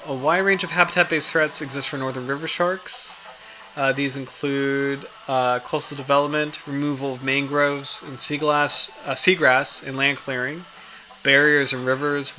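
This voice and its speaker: Hosting a laid-back livestream, a man with a medium-pitched voice that sounds pushed and bright reads aloud from a study and talks with his viewers. His delivery rambles, full of fillers and restarts.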